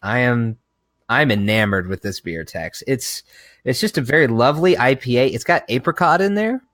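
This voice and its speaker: A young man co-hosting a casual podcast chat, excitable and swearing casually. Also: medium pitch, moderate pace, no room sound. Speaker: podcast co-host.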